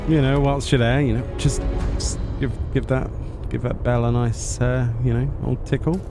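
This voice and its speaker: A man's voice: mid-range voice, flat delivery, normal speed, music in the background. Wry man streaming a game. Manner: wry, self-mocking asides, chuckles to himself. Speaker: gameplay streamer. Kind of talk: casual let's-play commentary.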